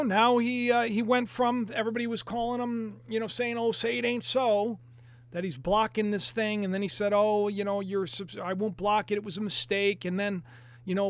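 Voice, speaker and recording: A man hosting an online video, giving rambling, casual religious commentary with lots of fillers and asides to his viewers. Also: high-pitched. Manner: rambling, animated, talks to viewers with frequent fillers.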